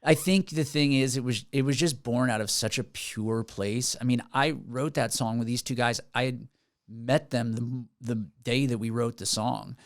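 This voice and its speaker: In a podcast studio, a man in his forties, a musician appearing as a guest, tells stories earnestly and rambles, often restarting his sentences. His voice is mid-range and moves at a moderate pace, and the studio-quality recording is dry. It's a casual podcast interview.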